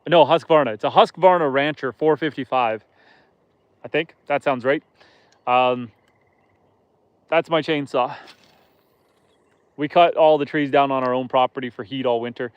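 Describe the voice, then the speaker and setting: A man's voice: mid-range voice, moderate pace, long pauses, clean tone, no echo, highs cut off. A man hosting a casual live stream outdoors on a lake from a boat, chatting with viewers in a joking, self-deprecating way.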